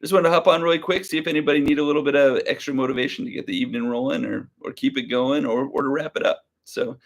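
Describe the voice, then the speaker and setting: A young man hosting a casual livestream, talking slowly and easily with a slight drawl, rambling as he reads viewer comments aloud. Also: mid-range voice, fairly even intonation, creaky. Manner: slow, easygoing drawl. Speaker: livestream reseller host.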